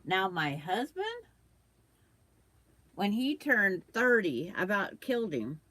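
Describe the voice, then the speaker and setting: A woman's voice: medium pitch, big pitch swings, slow, a bit bright, no room sound. An older woman hosting a quilting livestream, chatting casually with viewers while she sews and trims fabric, with the hiccups.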